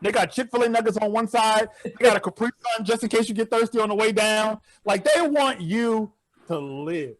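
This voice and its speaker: A man doing a virtual stand-up comedy set over a video call, telling stories with animated, incredulous outbursts. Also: sits high, normal speed, dry recording.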